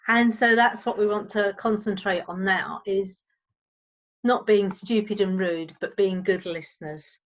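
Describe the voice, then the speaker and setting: A woman, a counsellor, presenting a recorded teaching seminar on listening in a clear, steady way. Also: medium pitch, a little slow, rough recording.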